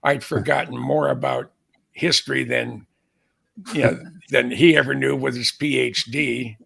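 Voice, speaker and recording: Gravelly older man, bright rambling talk. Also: mid-range voice, steady tone, a little slow. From San Francisco Bay Area. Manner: rambling storyteller with many restarts. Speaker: co-host, aviation author. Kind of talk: casual chat.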